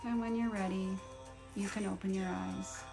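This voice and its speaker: A woman hosting a live guided meditation, speaking slowly and softly with blessings and breathing cues. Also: mid-range voice, steady tone, vocal fry, music in the background. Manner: slow, soft and soothing; gushing and giggly in farewells. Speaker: spiritual meditation host. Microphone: livestream phone or computer mic.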